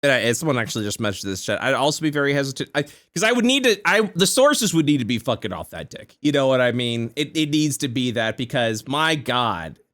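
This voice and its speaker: A young man and podcast co-host in casual chat, swearing a lot and restarting his sentences. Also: medium pitch. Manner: animated, swearing, trails off and restarts. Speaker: podcast co-host and game master.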